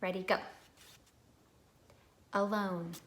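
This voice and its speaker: A woman's voice: medium pitch, little pitch movement, slow, slight background noise. A woman teaching a recorded phonics lesson to young children, patient and prompting them to repeat words.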